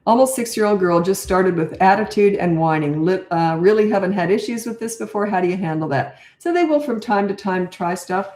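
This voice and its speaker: A woman's voice: mid-range voice, expressive, a little fast, few pauses, a little mellow, echoey room. An older woman, a parenting coach, answering viewer questions in a casual live Q&A, blunt and off-the-cuff, thinking aloud as she goes.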